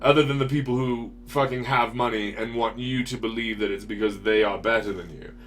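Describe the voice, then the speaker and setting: A man's voice: medium pitch, steady tone, brisk, a bit bright, slight background noise. A man hosting a casual talk show, ranting with swearing and rhetorical questions. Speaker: podcast host. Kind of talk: casual political chat.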